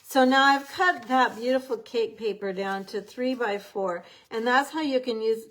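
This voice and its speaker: Her hands busy with a craft, a woman talks through an upbeat papercraft tutorial in a chatty, mid-range voice. The recording is rough.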